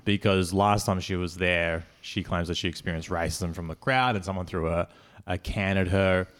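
A young man with a low, deep voice hosts a relaxed podcast conversation. He speaks in a measured, curious way and laughs easily. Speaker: podcast host. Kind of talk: casual podcast chat.

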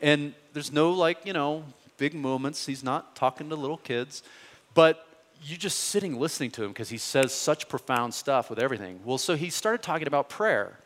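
A man's voice: on the high side, animated, normal speed. A man preaching a sermon as a pastor, earnest and conversational, pressing his points with rising questions. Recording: reverberant hall.

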